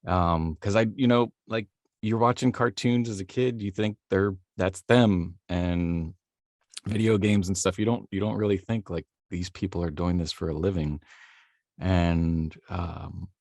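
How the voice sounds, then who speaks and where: A man's voice: low-pitched, fairly even intonation, a little slow, darkish tone, dry recording, studio quality. A man, a voice actor, telling his story in a rambling, self-deprecating way during a casual interview, laughing easily. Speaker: voice actor guest.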